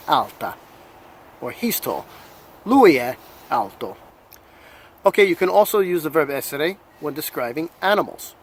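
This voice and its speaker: American man, italian teacher, fairly high voice, patient, repeats examples, faint background hum. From New Jersey, USA. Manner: switches between English and Italian phrases. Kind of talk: language lesson.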